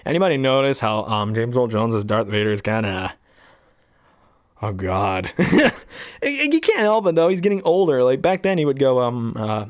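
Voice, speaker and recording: A young man who does voice impressions as a hobby, talking in a rambling, self-deprecating way with frequent chuckles. His voice sits at a mid pitch, and the close recording is dry with no room sound. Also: very animated, normal speed, no room sound. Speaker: hobby voice actor. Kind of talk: casual chat about voices and impressions.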